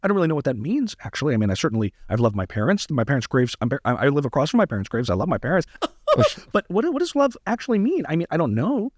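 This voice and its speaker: A man's voice: a little high, big pitch swings, fast talker, no echo, studio quality. A man doing a comedic impression of an evasive middle-aged male TV pundit who rambles and never commits. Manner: rambling, noncommittal, faltering.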